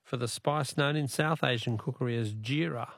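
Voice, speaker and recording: A man's voice: medium pitch, normal speed, gravelly, a bit bright, no room sound. A man with an Australian accent hosting a radio call-in quiz, jovial and bantering, laughing often with callers.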